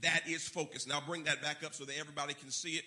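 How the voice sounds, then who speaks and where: A man's voice: on the high side, flat delivery, fast, bright, forceful tone. A man preaching a sermon, emphatic and repeating key words for effect. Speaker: pastor.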